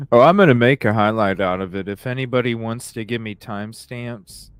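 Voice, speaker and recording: A man's voice: mid-range voice, unhurried, clear, resonant tone, dry recording. A man hosting a live podcast, chatting casually, laughing often and swearing as he rambles. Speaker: podcast host. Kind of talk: casual live-stream chat.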